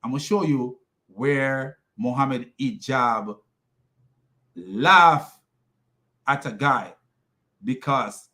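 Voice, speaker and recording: A man's voice: mid-range voice, extremely slow, long pauses, pushed and bright. A man with a foreign accent giving scornful reaction commentary on videos, laughing often as he mocks. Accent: non-native English.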